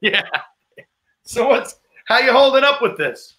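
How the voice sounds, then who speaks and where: A man co-hosts a casual podcast chat and tells rambling stories, acting out quotes along the way. His voice sits high and sounds very bright, almost sharp. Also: big pitch swings, unhurried. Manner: rambling anecdote teller who acts out quotes. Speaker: podcast co-host.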